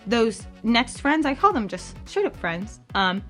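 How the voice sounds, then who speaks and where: A young adult woman hosting a campus ministry podcast in a chatty, bubbly way, full of fillers and with high-pitched quoted voices. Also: big pitch swings, measured pace, pushed and bright, soft background music. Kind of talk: casual chat.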